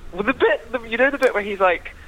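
A man's voice: extremely high pitch, lively intonation, quick pace, background noise. A man as a podcast guest, chatting casually, laughing and playfully ranting with the odd swear. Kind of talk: casual chat.

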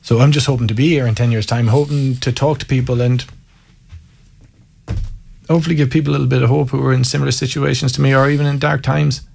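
A man's voice: medium pitch, steady tone, fast talker, gravelly, a little mellow, slightly rough. A man in his thirties with an Irish accent, a guest in an interview, telling candid, self-mocking stories. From Ireland. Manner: candid and self-mocking, laughs through anecdotes. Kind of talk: storytelling in an interview.

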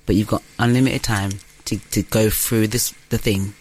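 A woman's voice: extremely low pitch, steady tone, normal speed, darkish tone, slight background noise. A woman hosting a casual quiz among friends, chatty and giggly, often laughing at her own slips. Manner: giggly, chatty, self-deprecating. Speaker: quiz host. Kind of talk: casual game-show chat.

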